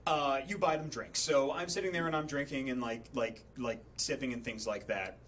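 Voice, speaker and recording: A man's voice: medium pitch, moderate pace, fairly bright tone, a little hiss or hum. A man casually telling a story, hesitant with many fillers, acting out the people he quotes. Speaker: storyteller on a charity livestream.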